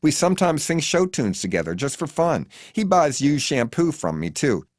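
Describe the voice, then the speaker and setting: In an audiobook, a man voices a chatty, dotty elderly woman, pitching above his own voice with a nasal, sing-song, off-kilter lilt. His delivery is a little high with big pitch swings at a moderate pace. The studio recording is clean, with no room sound.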